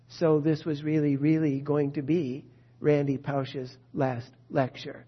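A man preaching an Easter sermon as a pastor, telling a story and then leading a quiet, earnest prayer. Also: a little high, level tone, slow, husky, in a large hall. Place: church sanctuary. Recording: dull lo-fi sound.

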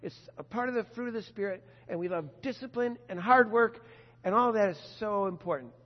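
A man with a high voice delivers a sermon, earnest and conversational, turning to ask his listeners questions. The sound is dull and muffled, and a long hall echo trails his words. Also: fairly quick. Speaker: preacher.

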